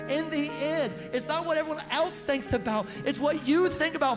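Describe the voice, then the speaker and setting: A man's voice: very high voice, fairly quick, few pauses. A male pastor giving a casual, conversational sermon. He is slangy and emphatic, repeats phrases and stumbles over words. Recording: long hall reverb with music underneath.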